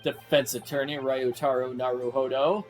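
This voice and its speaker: A man voicing a proud middle-aged father who speaks in a measured, warm way. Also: medium pitch, level tone, soft background music, pitched below the performer's own voice, lightly acted.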